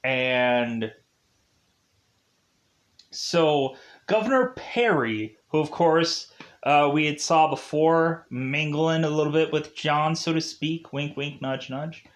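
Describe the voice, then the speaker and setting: A man's voice: a little high, takes it slowly. A man giving a casual spoiler review of a TV show, rambling with many fillers and frequent laughs.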